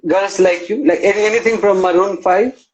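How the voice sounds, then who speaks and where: A man with a fairly high voice hosts a live-stream interview, chatting casually and informally. He strings his thoughts together with fillers and restarts. The sound comes over a live video call. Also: fairly even intonation, brisk, poor audio. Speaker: interview host.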